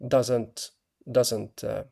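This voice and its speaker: This is a man speaking to camera on his own channel. His delivery is slow and hesitant, full of restarts and tag questions. His voice is mellow and dark, with a gravelly fry underneath. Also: medium pitch, flat delivery. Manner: halting, earnest, with many restarts and tag questions. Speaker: artist and channel host. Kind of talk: casual talk to camera.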